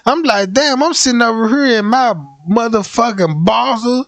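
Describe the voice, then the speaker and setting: A man's voice: very high-pitched, moderate pace, a bit bright, no echo. A young man livestreaming, telling profane, rowdy comic stories in a casual ranting way.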